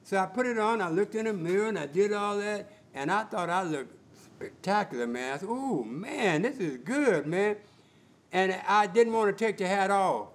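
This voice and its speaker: Being interviewed casually, an older cowboy recounts his life in colloquial, relaxed fashion and mimics the voices of those he quotes. He speaks fairly quickly in a high, expressive voice.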